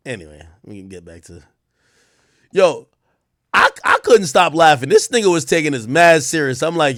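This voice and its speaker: A man's voice: fairly high pitch, sing-song, a little slow, pauses often, no echo, clean studio sound. A man from Jamaica hosting a livestream, ranting crudely and laughing as he reacts to clips. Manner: loud, laughing, crude rants. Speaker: livestream host. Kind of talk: profane comedic commentary.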